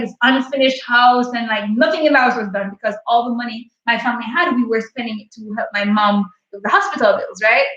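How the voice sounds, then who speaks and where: A woman's voice: a little high, a bit bright. A woman in her late twenties hosting a livestream, telling a personal story in a candid, heartfelt, chatty way. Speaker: livestream host. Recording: echoey, distant and muffled.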